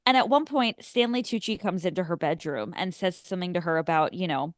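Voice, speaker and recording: A woman's voice: on the low side, brisk, hardly any pauses, dry recording. Chatty woman podcast co-host, dry sound. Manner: chatty, laughs often, animated retellings. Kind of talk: casual chat.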